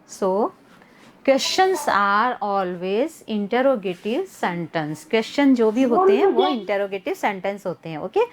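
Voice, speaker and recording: A woman's voice: medium pitch, sing-song, rapid-fire, crowd noise. A young woman with an Indian accent teaching a grammar class, mixing Hindi and English and repeating words to drill them. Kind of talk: online class lesson.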